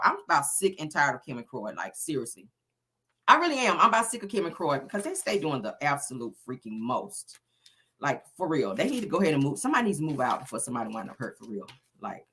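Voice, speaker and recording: A woman's voice: sits low, fairly bright tone. Sassy woman dishing celebrity gossip. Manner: sassy and blunt, addresses the audience as "honey" and "y'all". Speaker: host. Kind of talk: casual celebrity gossip commentary.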